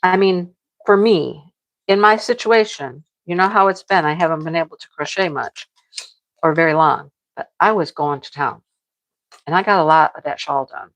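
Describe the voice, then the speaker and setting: A woman's voice: on the low side, normal speed, low-quality recording. A middle-aged woman chatting casually to her viewers about her crochet projects, rambling and repeating herself. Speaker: crochet vlogger.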